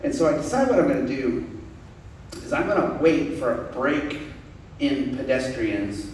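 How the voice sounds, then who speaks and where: A man recounts a street photography anecdote with animated energy and laughter. His voice sits somewhat high, and he is heard from some distance in a very echoey room with faint ambient noise. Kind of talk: storytelling to an audience. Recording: very echoey room, far from mic.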